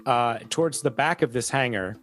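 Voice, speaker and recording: A man's voice: medium pitch, fairly bright tone, faint music behind. A man running a tabletop game as game master, describing scenes with frequent hesitations. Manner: descriptive, halting with fillers.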